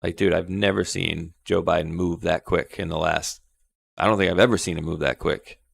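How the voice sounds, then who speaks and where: Gravelly low-voiced man chatting. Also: steady tone, moderate pace. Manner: rambling with many fillers. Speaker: podcast host. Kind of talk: casual chat.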